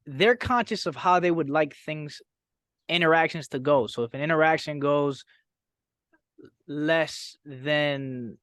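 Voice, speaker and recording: A man talking casually as a podcast guest, halting and searching for words with casual slang. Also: a little high, fairly bright tone, no room sound, studio quality. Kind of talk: casual chat.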